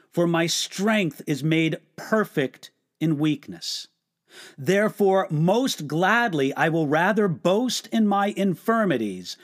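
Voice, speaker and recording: A man giving a devotional sermon, earnest and emphatic, with many rhetorical questions. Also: sits high. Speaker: pastor. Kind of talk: devotional teaching.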